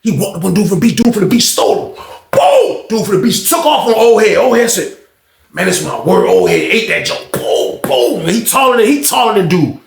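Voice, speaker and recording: A man telling a story in a casual, animated, slangy way, acting out the scenes. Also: high-pitched, fairly quick, creaky, reverberant, faint music behind.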